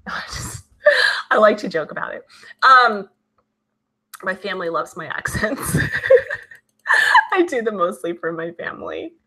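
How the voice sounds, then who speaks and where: A woman hosting her channel, chatting casually and reading out viewer comments in a lively, talkative way. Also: mid-range voice, takes it slowly, long pauses. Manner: chatty, animated, many fillers. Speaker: channel host.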